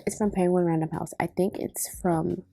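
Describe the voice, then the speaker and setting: Gravelly, mellow-voiced woman vlogging. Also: fairly low pitch, normal speed, soft background music. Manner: chatty, rambling, excitable. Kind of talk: casual vlog chat.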